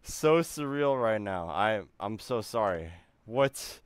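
A man streaming live, reacting in excited disbelief with lots of repeated exclamations. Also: on the low side, slow, clean tone, no echo. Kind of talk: casual live-stream chat.

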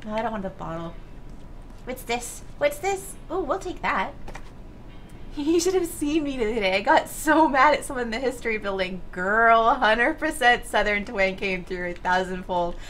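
A young woman streaming a video game live, chatting and joking, then breaking into excited shrieks and laughter when the action heats up. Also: on the high side, normal speed, a little hiss or hum. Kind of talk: live gameplay commentary.

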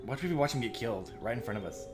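A man's voice: medium pitch, lively intonation, fast talker. Jumpy, laughing male gamer. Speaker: gaming streamer. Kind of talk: let's-play commentary. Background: game music.

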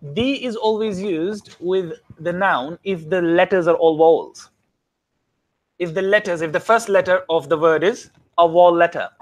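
A man teaching a classroom grammar lesson, often stopping to ask the students whether it is clear. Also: sits high, normal speed. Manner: keeps checking understanding with questions.

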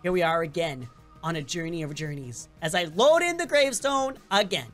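A woman hosting a casual game playthrough, reacting with excitable, dramatic exclamations and groans. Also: lowish voice, brisk, soft background music. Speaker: gaming channel host. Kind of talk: casual let's-play commentary.

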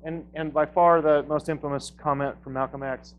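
Man, lecture to an audience, dry jokes, slightly high-pitched voice, punchy emphasis. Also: brisk, hardly any pauses, dull audio. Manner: dry wry humor, laughs at own jokes. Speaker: philosophy professor giving a talk.

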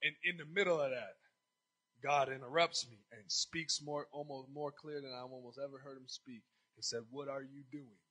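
A male pastor preaching a storytelling sermon, animated and acting out conversations, breaking into shouts. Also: medium pitch, moderate pace, poor audio.

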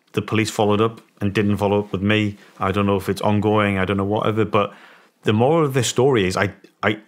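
A middle-aged British man, a former soldier guest on a podcast, telling a story and acting out the voices of people in it. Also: lowish voice. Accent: British English. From England. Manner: animated storyteller, acts out quoted voices. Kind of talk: storytelling in an interview.

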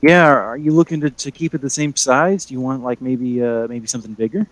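A man's voice: mid-range voice, steady tone, fairly quick, no room sound, lightly acted, rough recording. A man voicing a mildly annoyed female sword seller, casually talking up her blades. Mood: salesy. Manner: casual sales talk.

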